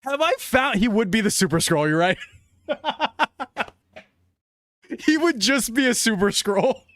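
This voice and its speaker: An excitable young man streaming live, talking casually and laughing often. His voice sits high and swings widely. The sound is close and dry. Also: a little slow, dry recording.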